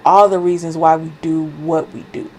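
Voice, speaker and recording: A woman's voice: low-pitched, fairly even intonation, moderate pace, darkish tone, a little hiss or hum, poor audio. A woman giving a fervent, profanity-laced spiritual card reading, sniffling and coughing with a cold and driving her points home through emphatic repetition. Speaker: spiritual reader. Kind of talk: impassioned oracle card reading.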